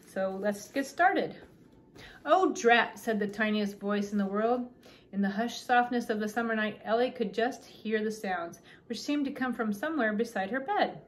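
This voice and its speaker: A woman's voice: medium pitch, normal speed. A woman hosting her own channel, chatting casually and then reading a children's book aloud. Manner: relaxed, chatty with fillers between reading.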